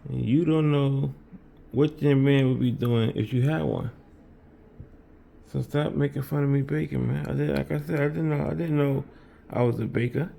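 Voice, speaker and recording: A man's voice: mid-range voice, moderate pace, gravelly, dark tone. A man streaming from his home kitchen as he bakes, chatting casually with his viewers and rambling, repeating himself often. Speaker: streamer baking on camera.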